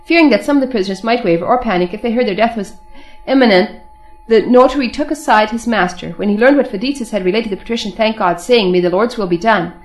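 A woman reading aloud the life of saints as narrator, in a steady, brisk manner. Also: a little high, faint music behind, low-quality recording.

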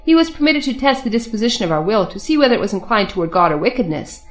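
A woman's voice: medium pitch, big pitch swings, fast, lightly acted. A woman voicing a group of imprisoned male martyrs who answer firmly and solemnly, within a storybook reading.

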